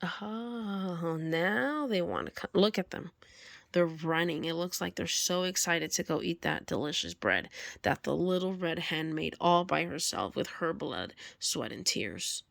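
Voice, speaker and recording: A woman's voice: on the low side, lively intonation, unhurried, gravelly, a bit bright, no room sound. A woman reading a picture book aloud, stopping often to comment on it and scold the characters. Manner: talks back to the story, scolding the animals. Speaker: storybook reader.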